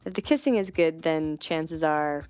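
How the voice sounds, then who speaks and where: A woman's voice: low voice, unhurried, a little mellow, clear, resonant tone, no echo, highs cut off, soft background music. A woman guest on a podcast, chatting candidly and giggling as she tells stories and acts out what people said. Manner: giggly storytelling, acts out quoted dialogue. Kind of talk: candid casual chat.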